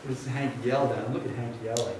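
Gentle man telling a children's story, echoey. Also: mid-range voice, fairly even intonation, fast, recorded from a distance, noisy background. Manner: gentle, playful, talks to a child. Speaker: pastor. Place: church sanctuary. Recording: echoey sanctuary, mic from afar.

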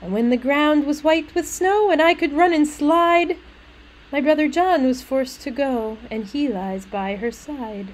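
A woman's voice: high-pitched, a little slow, voice pushed up, low-quality recording. A woman voicing a cheerful little country girl, reciting verse in a lilting, childlike sing-song.

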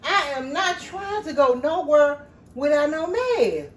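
A woman's voice: high-pitched, very animated, slow, a little hiss or hum. A woman chatting casually with her viewers while she cooks in her home kitchen, laughing easily and calling them y'all. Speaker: cooking vlogger. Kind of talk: casual cooking vlog chat.

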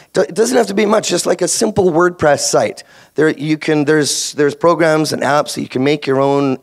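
A man with a Canadian accent, a voice actor speaking on a convention panel, giving career tips in a rambling, jokey way full of restarts. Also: on the high side. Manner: rambling, jokey, self-interrupting.

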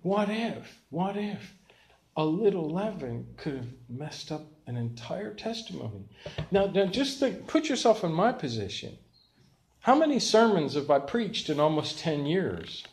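Older guy preaching, pastor telling funny stories about himself, voice kinda high. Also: measured pace, slight background noise. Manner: lively storytelling with self-mocking humor. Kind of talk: sermon.

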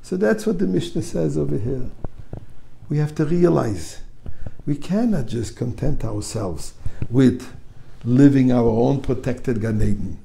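A rabbi gives a sermon, rising and falling in pitch with lively storytelling energy. His voice is dark and mellow with a gravelly rasp, and it sits a little high for a man. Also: a little slow, a little hiss or hum. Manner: animated storytelling with Hebrew and Yiddish terms.

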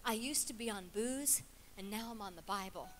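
A woman doing a soft-spoken old grandma. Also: normal speed, long reverb tail, a little hiss or hum, lightly acted. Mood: fond. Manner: low, soft, homespun. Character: plain-spoken old grandmother, fond and firm.

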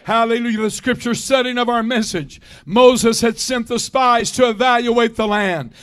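A man in his sixties preaching a fervent Pentecostal sermon in a church, often shouting and calling for responses. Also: very high-pitched, fairly even intonation, normal speed. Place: church sanctuary.

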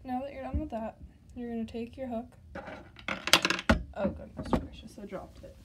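A woman walking the viewer step by step through a craft tutorial, speaking chattily straight to them, stumbling over words now and then, her voice slightly hoarse. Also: on the high side, steady tone, normal speed, heavy background noise.

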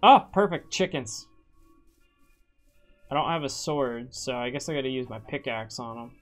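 A woman's voice: extremely low pitch, lively intonation, moderate pace. A woman streaming a video game in casual chat, jumpy and swearing often, shrieking when startled. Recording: faint music behind. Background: background music.

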